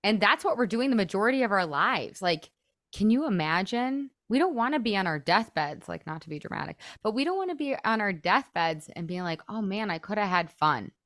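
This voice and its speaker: A woman's voice: medium pitch, sing-song, a little fast, fairly bright tone, no echo, clean studio sound. A woman in her thirties, a podcast host, coaching in a chatty, casual way, full of "like" and acted-out inner thoughts.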